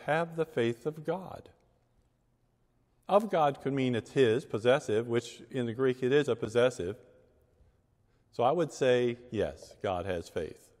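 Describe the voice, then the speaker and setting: A man, a pastor, reading scripture and preaching a sermon with measured, emphatic delivery and deliberate pauses. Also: medium pitch, a little mellow. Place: church sanctuary. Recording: long church reverb.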